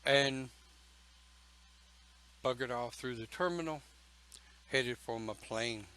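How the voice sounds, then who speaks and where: A man telling a personal story in a slow, folksy, emphatic way, with pauses between phrases. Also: medium pitch, pushed and bright, smooth, low-quality recording. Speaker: pagan church speaker.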